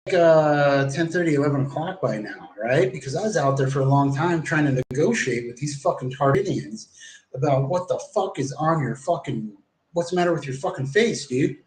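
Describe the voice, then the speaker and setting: A man's voice: on the high side, animated, moderate pace, darkish tone. Rambling, profane man livestreaming in an echoey room. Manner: rambling, profane, acts out quoted exchanges.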